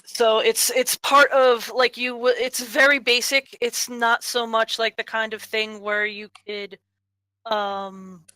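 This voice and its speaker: A woman's voice: on the high side, sharp tone, no echo, low-quality recording. A woman chatting in a tabletop game session, rambling and hunting for words with many fillers. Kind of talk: casual tabletop game chat.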